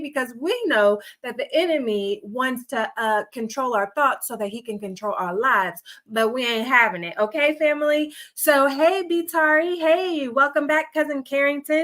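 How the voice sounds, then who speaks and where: A woman's voice: high voice, a bit bright. A woman hosting a nightly devotional livestream, greeting viewers by name in a casual, folksy way and a little out of breath. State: a bit out of breath.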